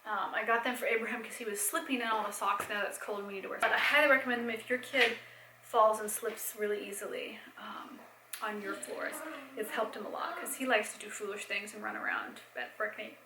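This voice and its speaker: A young adult woman chatting casually in a home vlog, rambling with fillers and soft laughs, a bit tired. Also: on the high side, fairly even intonation, brisk, reverberant, background noise. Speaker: vlogger and mom. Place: home, indoors.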